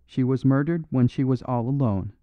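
A man voicing a small, quiet, sorrowful priest detective, speaking gravely, on a dry, phone-like recording. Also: medium pitch, normal speed, dry recording, natural voice. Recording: dry phone-like narrow sound.

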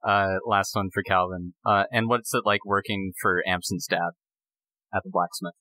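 A man's voice: deep voice, steady tone, moderate pace, pushed and bright, dry recording, rough recording. A man hosting a podcast, reading listener questions in an easygoing, giggly way. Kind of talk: casual chat.

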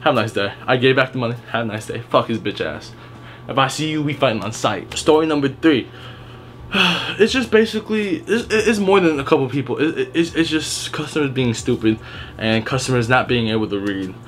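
A man's voice: medium pitch, expressive, fairly quick, a bit bright, slight background noise. Blunt, foul-mouthed young man ranting. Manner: blunt, heavily profane, rambling with restarts. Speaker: retail worker telling stories. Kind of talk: casual storytime vlog.

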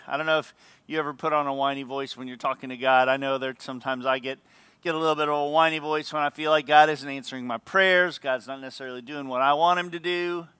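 Bright-voiced pastor preaching earnestly. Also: male voice, on the high side, steady tone, quick pace, clean tone, no room sound. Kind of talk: sermon.

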